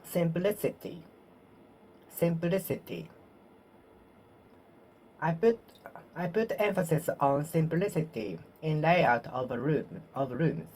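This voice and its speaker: A woman whose first language is Japanese, speaking English to herself in a slow self-study monologue, repeating words and correcting her phrasing. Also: low voice, darkish tone, a little hiss or hum. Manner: slow, repetitive, self-correcting practice speech. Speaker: vlogger practicing English.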